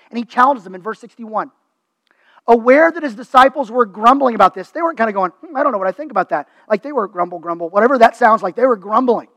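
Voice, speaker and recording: Male pastor, very high voice, dry close sound, chatty sermon delivery. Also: fairly bright tone, no room sound, rough recording. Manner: conversational preaching, acts out quoted voices.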